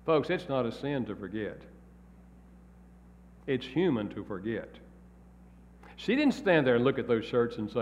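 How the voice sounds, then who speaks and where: Folksy guy preaching a sermon, lively up and down voice, muffled lo-fi church recording. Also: mid-range voice, a little slow, long pauses, slight background noise. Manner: storytelling, folksy, plain-spoken. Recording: echoey hall, dull lo-fi sound.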